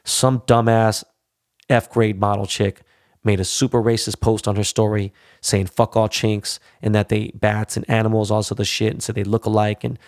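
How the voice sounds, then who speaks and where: In a profanity-laden monologue, the podcast host rants bluntly and keeps punctuating his points with "you know?" and "all right?" His pitch is fairly low, his delivery flat and moderately paced, and the studio-quality audio has no room sound.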